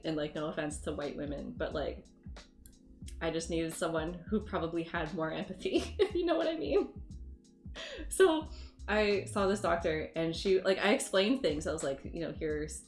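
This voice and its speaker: A woman's voice: low-pitched, expressive, normal speed. A woman livestreamer chatting casually with her viewers, rambling through stories and laughing often. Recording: roomy room with faint music.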